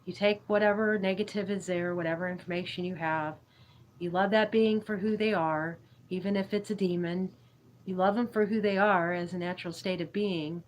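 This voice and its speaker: A woman with a fairly low voice talks casually on a livestream, drifting from thought to thought. She giggles often and answers her viewers' chat as she goes. A faint hiss sits under the recording. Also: fairly even intonation, normal speed, low-quality recording. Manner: giggly, meandering, reads chat aloud. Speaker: YouTube livestream host. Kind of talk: rambling spiritual livestream chat.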